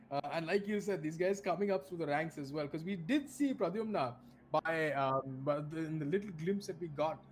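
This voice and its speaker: With a somewhat high, slightly mellow voice and a bit of background noise, an Indian man provides live commentary on an online race. He's talkative, restarts constantly, and laughs easily throughout.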